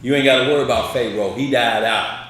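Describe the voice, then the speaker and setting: A man's voice: mid-range voice, fast, a bit bright. A man teaching a bible study in a colloquial preaching style, asking his listeners questions as he explains the text. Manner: colloquial, asks the group questions. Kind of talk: conversational preaching. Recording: echoey room, distant mic, faint ambience.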